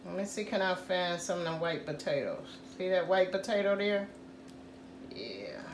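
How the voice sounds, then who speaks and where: A woman hosting a casual home cooking tutorial, talking slowly and repeating "guys" to her viewers. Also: fairly low pitch, animated, echoey room, slight background noise. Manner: slow, repetitive, says "guys" often. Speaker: cooking channel host.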